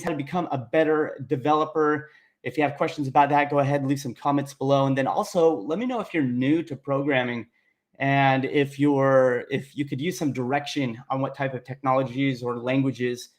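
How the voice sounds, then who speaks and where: Upbeat young man hosting a livestream. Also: medium pitch. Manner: upbeat, chatty, reads viewer names aloud. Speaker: coding instructor hosting a livestream. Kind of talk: casual livestream chat.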